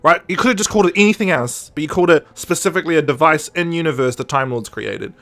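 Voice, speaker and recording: A man, chatting casually on a podcast. His voice sits a bit high and sounds bright and forceful. He rambles, jokes, and breaks into goofy character voices and sound effects. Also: quick pace. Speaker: podcast co-host. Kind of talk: casual chat.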